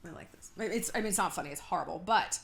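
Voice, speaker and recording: Lively, chatty woman dishing gossip. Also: lowish voice, fast, vocal fry. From California. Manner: chatty, sarcastic, often laughing; frequent swearing. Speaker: YouTube host. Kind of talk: casual gossip commentary.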